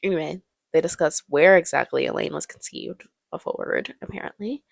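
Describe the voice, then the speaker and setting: A woman's voice: deep voice, animated, a little fast, vocal fry, no room sound, clean studio sound. A young woman giving casual, joking movie commentary, laughing often.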